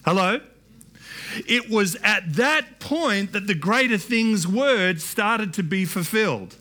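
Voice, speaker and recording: A man's voice: sits high, expressive, slow pace, sharp tone. A middle-aged man preaching a sermon in a church, talking in a conversational way with many restarts and asides. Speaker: pastor.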